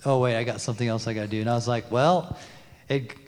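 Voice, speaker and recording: A man's voice: mid-range voice, steady tone, fast. Man rambling through a church testimony. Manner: rambling, with many "you know"s and quoted dialogue. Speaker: congregation member. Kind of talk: telling a testimony. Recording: long reverb of a church hall.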